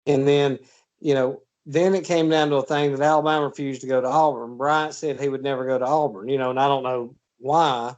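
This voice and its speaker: A man's voice: medium pitch, fairly even intonation, fairly quick, a little mellow, lo-fi sound. A man hosting a casual football chat, telling long stories full of fillers and restarts. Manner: rambling storyteller with many fillers. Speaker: podcast host.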